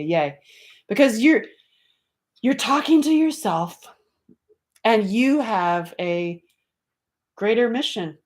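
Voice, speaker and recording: A middle-aged woman hosting a casual livestream, talking animatedly, swearing freely and reading out viewer comments. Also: mid-range voice. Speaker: livestream host.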